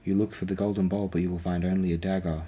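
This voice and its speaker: A fierce young oracle woman, imperious and sharp-tongued, intoning her pronouncements, as a man reads her. The voice stays low and husky. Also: little pitch movement, fast. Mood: scolding.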